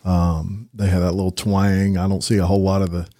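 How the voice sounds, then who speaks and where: A man's voice: deep voice, flat delivery, fairly quick, dark tone, no room sound, clean studio sound. A man co-hosting a casual podcast discussion in a matter-of-fact, agreeable way. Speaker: podcast co-host.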